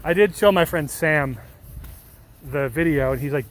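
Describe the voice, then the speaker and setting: A man's voice: a little high, measured pace, long pauses. Chatty man talking over faint traffic. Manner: chatty, rambling, self-deprecating, swears casually. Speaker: streamer reading chat. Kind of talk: casual chat with viewers.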